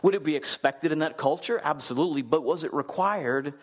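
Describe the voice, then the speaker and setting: A man preaching a sermon in a conversational, animated way, acting out the people in the story and putting questions to his listeners. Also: fairly quick, hardly any pauses, breathy edge. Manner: animated storyteller, acts out quotes with big swings in pitch; conversational, asks the congregation questions. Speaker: pastor.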